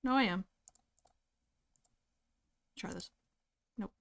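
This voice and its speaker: A woman's voice: medium pitch, extremely slow, creaky. Chatty, giggly young woman streamer. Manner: chatty, giggly, reads chat aloud. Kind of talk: casual chat with live chat.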